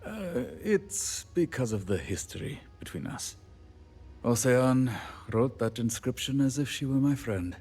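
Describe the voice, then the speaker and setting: A man's voice: mid-range voice, animated, unhurried, darkish tone, breathy edge, faint music behind. An actor voicing a middle-aged male handyman in video game dialogue, wry and rambling, laughing at himself. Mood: wistful. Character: weary, punning, self-deprecating male station handyman.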